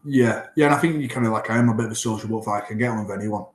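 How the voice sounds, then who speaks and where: A Northern English rugby player with a lowish voice talks very fast as a guest in a casual interview, recorded in an echoey room. He's an animated storyteller who acts out the conversations he quotes.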